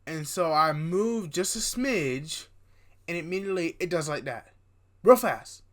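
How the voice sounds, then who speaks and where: A young man casually telling a dream story to his viewers, tired and yawning at times, animated and rambling with restarts and asides. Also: a little high, measured pace. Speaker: vlogger.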